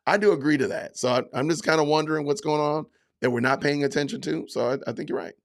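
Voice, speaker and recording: A man hosting a livestream podcast, talking casually to his chat, often slipping into mock-offended sarcasm and drawn-out emphasis. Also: on the high side, creaky. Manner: addresses chat commenters by name. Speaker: podcast host reading live chat.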